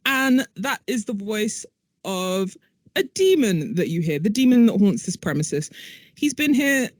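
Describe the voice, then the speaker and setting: A woman with a sore throat narrating a tabletop horror game as game master, low-key and full of fillers. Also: very animated, unhurried, no echo.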